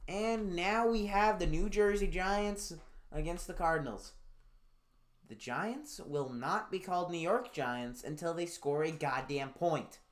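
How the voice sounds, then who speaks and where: A man's voice: a little high, a little slow. A man giving casual sports predictions in a profane, sarcastic rant, swinging from fired-up outbursts to glum muttering. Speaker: NFL picks YouTuber.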